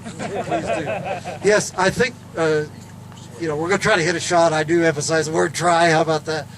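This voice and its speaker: A folksy, humorous man with a somewhat high voice tells a story to a crowd outdoors. Faint noise from the open air sits under his words. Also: steady tone, fairly quick. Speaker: golfer and speaker. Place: outdoors at a golf event.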